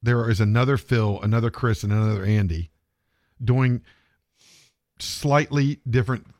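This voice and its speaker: A man's voice: mid-range voice, moderate pace, darkish tone, no echo. Man, podcast host, rambling, swears freely, dry close sound. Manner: rambling, profane, chuckling. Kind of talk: casual chat.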